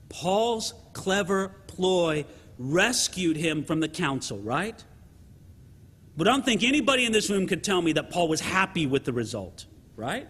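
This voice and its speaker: A man preaching a sermon to his congregation in an animated way, often checking in with the listeners by asking "right?". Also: high-pitched, husky, in a large hall. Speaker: pastor.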